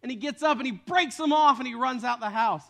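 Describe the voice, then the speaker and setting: Guy preaching w a pretty high voice, retelling a story chatty-style and cracking little jokes. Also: brisk, bright, forceful tone. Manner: conversational, joking asides. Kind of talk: storytelling sermon.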